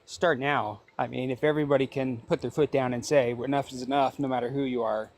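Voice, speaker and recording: A man's voice: mid-range voice, fairly even intonation, fairly quick. A man calling into a live stream, agreeing earnestly and talking about unity. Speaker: call-in guest. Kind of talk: casual conversation.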